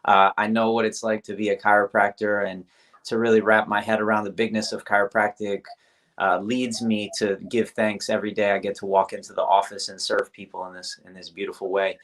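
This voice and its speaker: A man, a chiropractor, hosting the interview and asking measured, grateful questions. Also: lowish voice, little pitch movement, fairly bright tone. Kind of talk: casual interview talk.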